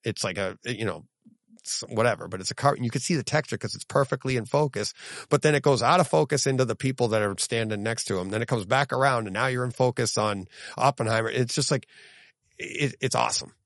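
Gravelly guy co-hosting a podcast, animated rambling storyteller, dry close sound. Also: mid-range voice, a little fast, no echo. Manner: animated storytelling with laughs and restarts. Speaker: podcast co-host. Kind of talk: casual chat.

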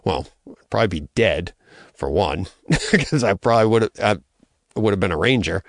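A man's voice: lowish voice, animated, moderate pace, creaky, dry recording, studio quality. A middle-aged man telling a personal story in an interview, casual and conversational, with frequent fillers and restarts. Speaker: interview guest.

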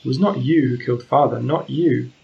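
A man reading aloud as a gentle, earnest young man who speaks quietly but firmly. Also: medium pitch, flat delivery, normal speed, lo-fi sound, slight background noise, close to an everyday voice. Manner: quiet, near whisper, firm.

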